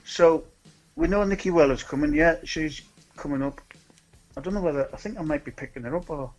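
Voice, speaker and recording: A man's voice: fairly high pitch, a little fast, a little mellow, rough recording. North East English man chatting casually. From Scotland. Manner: rambling, with many ums and restarts. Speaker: guest, charity event organiser. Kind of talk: casual chat.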